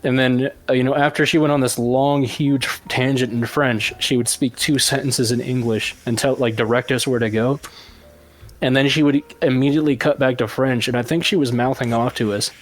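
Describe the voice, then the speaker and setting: A man's voice: mid-range voice, steady tone, moderate pace. A man from Ohio co-hosting a podcast, telling an exasperated story with plenty of swearing. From southeastern Ohio, USA. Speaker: podcast co-host. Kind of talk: casual podcast chat, storytelling.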